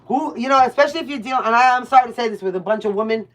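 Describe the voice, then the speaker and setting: A woman's voice: a little high, rapid-fire, a bit bright. A woman with a New York accent giving casual, blunt tarot readings on a livestream, chatting with viewers by name and swearing freely. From Brooklyn, New York.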